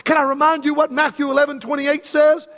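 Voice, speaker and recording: High-voiced preacher in a reverberant hall. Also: male voice, level tone, a little fast, a bit bright. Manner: folksy storytelling preacher, calls out to the congregation. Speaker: pastor. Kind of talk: sermon.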